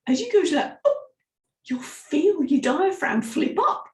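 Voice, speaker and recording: Lively woman coaching vocal warm-ups. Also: sits high, moderate pace. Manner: lively, demonstrative, guides listeners through exercises. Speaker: speaking coach. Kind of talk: live vocal warm-up lesson. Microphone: microphone, sometimes stepping close. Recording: roomy echo.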